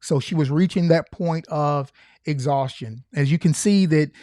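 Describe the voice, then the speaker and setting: A man talks through footage as a former state trooper, earnest and emphatic, repeating his key points. His voice sits a little high. The sound is dry and close, with no room around it. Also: a little slow, mellow, no room sound. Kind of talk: reaction commentary.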